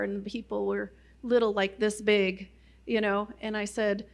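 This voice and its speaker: A woman's voice: medium pitch, flat delivery, normal speed, creaky. Middle-aged woman telling her testimony. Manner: conversational storyteller, many "you know" fillers. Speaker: guest speaker at a Christian ministry. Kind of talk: personal testimony talk.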